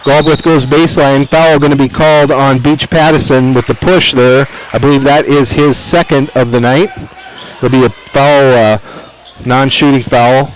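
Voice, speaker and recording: A man with a Midwestern American accent calling a high school basketball game play-by-play, briskly following each play. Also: fairly even intonation, slight background noise, low-quality recording. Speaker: play-by-play announcer. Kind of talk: live basketball commentary. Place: high school gym at an armory.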